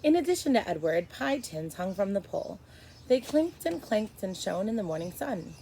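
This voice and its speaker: Give me a woman teacher reading aloud to children, expressive, with a slight faint hiss behind. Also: mid-range voice, moderate pace, low-quality recording. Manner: expressive, stops to explain to kids. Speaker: first grade teacher.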